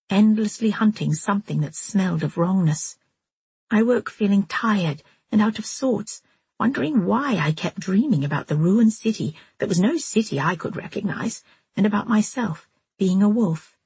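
A woman narrating a novel in the first person, in a steady, measured storytelling manner. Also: mid-range voice, slightly rough, no echo. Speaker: audiobook narrator.

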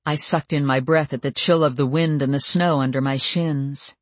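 An audiobook narrator reading a first-person fantasy story in a steady, even manner. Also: mid-range voice, moderate pace, dry recording.

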